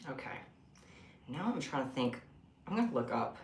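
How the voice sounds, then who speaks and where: A young man chatting casually on a home craft livestream, expressive and rambling. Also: mid-range voice, normal speed, background noise. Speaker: craft streamer. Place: room at home. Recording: echoey room.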